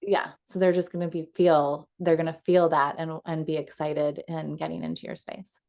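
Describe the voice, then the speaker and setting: A woman coach leading a casual teaching call from home over a video call, chatty and quick to laugh, with frequent fillers. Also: low voice, flat delivery, vocal fry, darkish tone.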